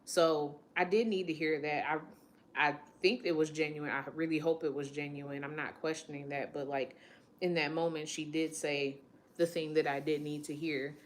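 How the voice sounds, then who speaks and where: Late-20s woman with a low voice, telling her own story candidly on a vlog, quotes what people said to her. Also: steady tone, moderate pace, a little hiss or hum. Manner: candid, emotional, quotes others in conversation. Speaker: vlogger.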